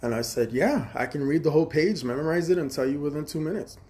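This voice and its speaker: A man's voice: a little high, expressive, darkish tone. A man from Chicago on a phone livestream, telling a long story in a rambling, profane way and acting out both sides of each exchange. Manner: profane, fast-shifting, quotes others in dialogue. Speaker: livestream host.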